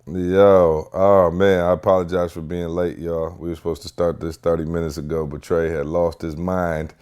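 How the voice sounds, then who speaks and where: A young adult man hosting a podcast, telling stories in a lively, chatty way and acting out other people's voices. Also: sits low, normal speed, clean tone. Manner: animated storyteller, acts out voices. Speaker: podcast host. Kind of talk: casual chat.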